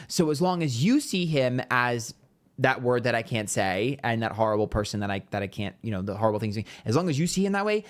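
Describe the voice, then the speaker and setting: Profane, heated tarot-reading vlogger. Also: medium pitch. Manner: talks straight to viewers. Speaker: tarot reader. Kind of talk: casual ranting vlog.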